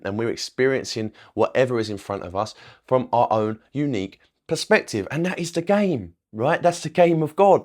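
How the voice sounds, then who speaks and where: A young man talks straight to the camera as a spiritual coach, in an everyday mid-range voice. He rambles and repeats himself, and keeps checking in with "okay?" and "right?". He swears casually as he goes. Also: mid-range voice. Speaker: manifestation coach.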